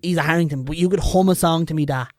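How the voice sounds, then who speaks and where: A Dublin man chats as a podcast guest, his voice sitting a touch high. His stories come out lively and loose, with plenty of swearing. The sound is close and dry, with no room in it. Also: quick pace, no room sound. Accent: Dublin Irish. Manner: lively, chatty, swears freely. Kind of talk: casual storytelling.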